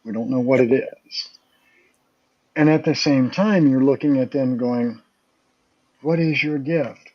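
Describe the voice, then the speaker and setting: A man's voice: medium pitch, fairly even intonation, measured pace, highs cut off. A man guest on a paranormal talk show, casually telling rambling anecdotes and acting out what others said. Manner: rambling anecdotes, acts out quoted voices. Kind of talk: casual storytelling.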